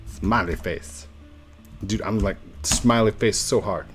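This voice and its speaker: A man's voice: fairly low pitch, takes it slowly, soft background music. A young man chatting playfully while playing a building game, laughing often and talking to his viewers. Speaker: gaming YouTuber. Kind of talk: casual gameplay commentary.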